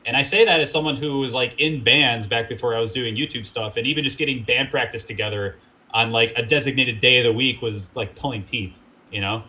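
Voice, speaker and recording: A man talking as a guest in a casual interview, rambling with lots of fillers and animated quotes. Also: medium pitch, brisk, rough recording. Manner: rambling, filler-heavy, animated when quoting people. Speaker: guest musician.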